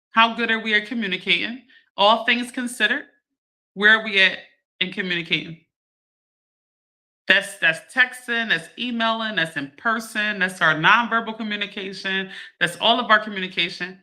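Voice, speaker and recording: A woman, hosting a livestream and chatting to her viewers in a lively way, laughing often. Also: medium pitch, moderate pace. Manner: animated, laughing, addresses viewers as y'all. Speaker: livestream host. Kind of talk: casual chat to a live audience.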